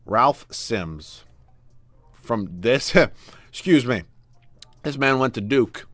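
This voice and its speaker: A young man giving live video game commentary, exasperated and swinging from low muttering to loud yelling. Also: animated, drawn-out words, no room sound. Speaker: gaming YouTuber. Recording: dry close mic with faint background music.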